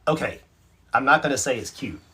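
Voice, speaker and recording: A man's voice: medium pitch, animated, fairly quick, sharp tone, slight background noise. A man from North Carolina, hosting a casual livestream and answering viewer comments in a chatty, self-mocking way. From North Carolina, USA. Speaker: livestream host. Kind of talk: casual live chat, reading out viewer comments.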